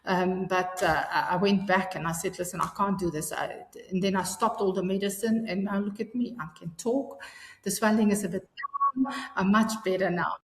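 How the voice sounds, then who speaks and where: A woman's voice: mid-range voice, normal speed. A woman, telling her story earnestly in an interview, often restarting her sentences. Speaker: guest. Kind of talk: personal interview. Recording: echoey room with long reverb.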